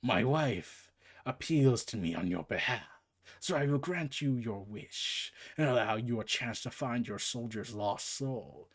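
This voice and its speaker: A man's voice: mid-range voice, lively intonation, slightly rough, voice pushed down. A man putting on a grave underworld god. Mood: menacing. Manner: slow, grave and threatening, sometimes whispered. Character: menacing male underworld god, slow and scornful.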